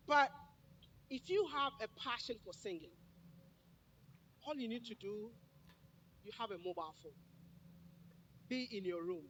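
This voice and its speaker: A man's voice: high-pitched, fairly bright tone, a little hiss or hum. A man giving a motivational speech at a summit, joking and speaking straight to the crowd. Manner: joking, addresses the crowd directly.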